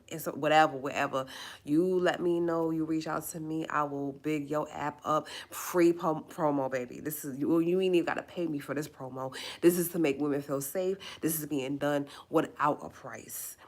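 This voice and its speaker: A woman with a low voice speaks in on her live stream. She rants with emphasis and goes back over the same phrases again and again. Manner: indignant, emphatic, repeats phrases. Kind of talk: impassioned live-stream rant.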